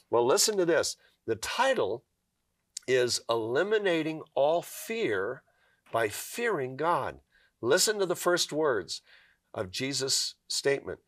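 A man's voice: medium pitch, big pitch swings, takes it slowly, a bit bright, dry recording, studio quality. A man giving a devotional talk, telling a story earnestly and quoting scripture. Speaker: Christian speaker.

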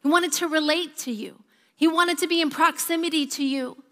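A woman in her thirties, a pastor giving a sermon and telling stories with a lively, varying pace. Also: high-pitched, normal speed. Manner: lively storytelling, varied pace. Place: church auditorium. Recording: reverberant church hall.

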